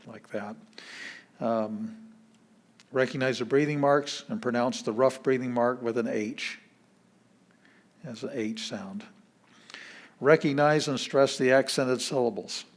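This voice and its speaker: A man, a pastor, teaching a beginner language class in a patient, plain-spoken way, walking through each step. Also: mid-range voice. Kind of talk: classroom lesson.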